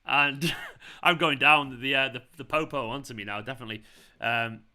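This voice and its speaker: A man chatting casually while hosting a football watchalong live stream, excitable and quick to swear. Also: medium pitch.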